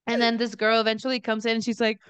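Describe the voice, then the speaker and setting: A woman's voice: on the high side, fast talker, slight background noise. A young woman co-hosting a podcast, chatting casually and acting out the people in her stories, laughing often. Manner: animated storyteller, acts out quoted people, laughs often. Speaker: podcast co-host. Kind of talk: casual chat, storytelling.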